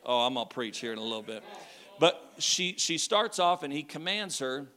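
A man preaching a lively sermon, telling a story with jokes and shouting at times. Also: medium pitch, normal speed.

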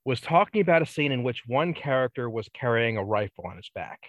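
A man in casual chat, talking in a thoughtful, measured and slightly wry way. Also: medium pitch, sing-song, a bit bright, no room sound. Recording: dry, dull lo-fi mic.

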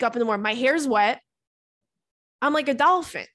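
A woman's voice: high-pitched, lively intonation, normal speed, pauses often, fairly bright tone, no echo, clean studio sound. A young woman hosting a podcast in casual chat, talking frankly and chattily and swearing freely. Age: young adult. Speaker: podcast host.

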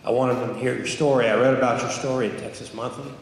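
A man who coaches basketball stands up to ask an earnest, deliberate question. His voice bounces around a big hall, with faint noise behind him. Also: mid-range voice, fairly even intonation. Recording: echoey hall.

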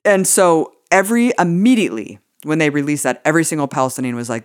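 A woman's voice: low voice, expressive, fast talker, dry recording, clean studio sound. A woman co-hosting a political podcast, talking casually and indignantly, swearing freely and using many "like" fillers. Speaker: podcast co-host.

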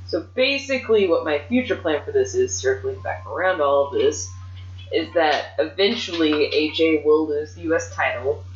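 A woman's voice: sits low, moderate pace. Woman in casual podcast talk, muffled room echo. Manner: excited, swears freely, acts out wrestlers' lines. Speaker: podcast host booking wrestling matches. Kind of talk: casual chat.

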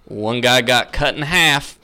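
A young man recounts a ghost story in relaxed podcast conversation. He leans on fillers and restarts, and his voice jumps when he acts out the scary moments. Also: mid-range voice, measured pace, clear, resonant tone. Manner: animated, filler-heavy storytelling. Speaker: podcast guest. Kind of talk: casual storytelling.

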